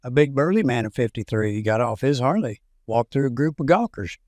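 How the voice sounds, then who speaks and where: A man narrating a string of scripted jokes in a steady storytelling delivery. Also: medium pitch, a little fast, no echo, studio quality. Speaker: joke narrator.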